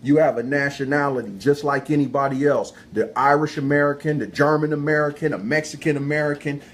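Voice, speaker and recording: A man's voice: fairly high pitch, steady tone, brisk, poor audio. A man appearing as a guest on a livestream talk show, lecturing in an emphatic, preachy way and speaking in street slang.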